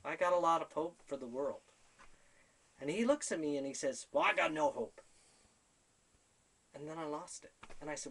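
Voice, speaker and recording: A man's voice: a little high, normal speed, pauses often, slightly rough. A man telling a personal story to camera, animatedly quoting conversations and laughing at himself. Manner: animated, quotes conversations in his own voice. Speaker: spiritual storyteller.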